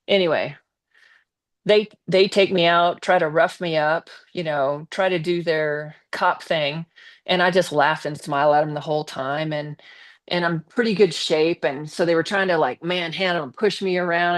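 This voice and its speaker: Woman, lowish voice, live-stream guest, casual storytelling, animated, swears bluntly. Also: normal speed. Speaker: guest telling her story.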